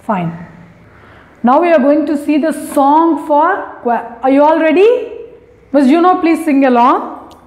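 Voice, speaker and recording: A woman teaching young children, slowly coaxing them and repeating each word. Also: high voice, lively intonation, darkish tone. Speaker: kindergarten teacher. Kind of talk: slow, sing-song online lesson for young children. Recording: echoey room, narrow lo-fi phone-like sound.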